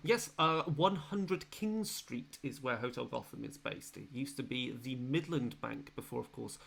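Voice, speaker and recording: Gravelly chatty male game master. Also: medium pitch, animated, a little slow, fairly bright tone. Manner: chatty and rambling, many fillers and restarts. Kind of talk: casual introduction to a tabletop game.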